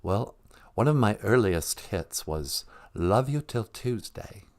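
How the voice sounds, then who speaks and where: A man doing a hushed, soft-spoken rock star. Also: expressive, slow pace. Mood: hushed polite. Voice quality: low, hushed, breathy. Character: impression of a famous singer, soft-spoken polite man.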